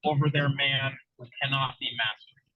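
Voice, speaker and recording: A man's voice: mid-range voice, fairly even intonation, moderate pace, no echo, close to an everyday voice. A man voicing a desperate, honest knight in a retold fairy tale, speaking urgently, in a dull lo-fi recording.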